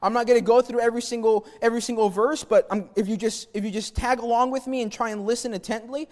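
A man from New Mexico preaching a sermon, telling a personal story in a folksy, animated way with many restarts. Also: very high-pitched, fast. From New Mexico, USA. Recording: church hall reverb.

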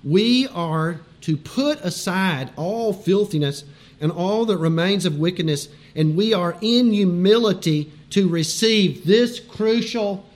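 A man's voice: sits high, slow pace. A man preaching a sermon in a conversational, emphatic way, with chuckles between his points.

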